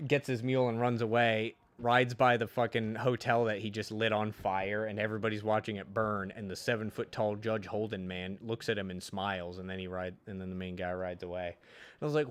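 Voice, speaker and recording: A man with a lowish voice chats casually while streaming a game, speaking briskly with no echo. He retells a story in a rambling, profane way, full of restarts.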